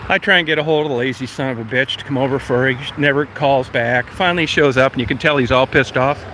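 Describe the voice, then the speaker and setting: A man's voice: medium pitch, fast talker, sharp tone, a little hiss or hum. A man telling a story casually, cursing and heated, acting out both sides of quoted arguments. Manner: profane, heated, acts out quoted exchanges. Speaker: property owner telling a story.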